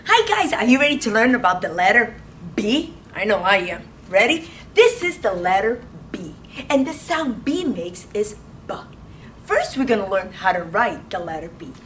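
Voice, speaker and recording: Preschool teacher, woman, sing-song and bouncy, unhurried, recorded from a distance. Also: on the high side, slight background noise. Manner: animated, sing-song, gasping with excitement. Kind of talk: children's lesson. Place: classroom.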